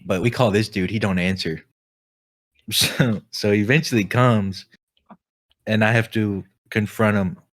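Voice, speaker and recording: A young man with a fairly low voice tells a story on a casual podcast. He swears freely and keeps breaking into laughter as he talks. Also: steady tone, a little slow, long pauses. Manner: laughs often while telling stories. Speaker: podcast co-host. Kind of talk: casual chat.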